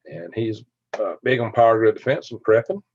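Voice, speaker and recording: A man's voice: on the low side, normal speed, darkish tone, muffled recording. A man with a Southern US accent hosting a casual livestream chat, rambling in a folksy way and chuckling often. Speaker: livestream host. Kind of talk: casual livestream chat, reading viewer comments.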